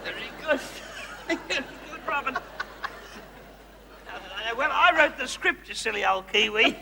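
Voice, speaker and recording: A man's voice: extremely high pitch, expressive, takes it slowly, vocal fry, a crowd in the background, background noise, heavily acted. A man performing a flamboyant suburban housewife turned megastar, gushing and condescending, directing volunteers in a comedy stage show. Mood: grand. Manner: theatrical, condescending, gushing endearments. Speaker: host directing audience volunteers. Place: large hall. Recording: reverberant hall with audience.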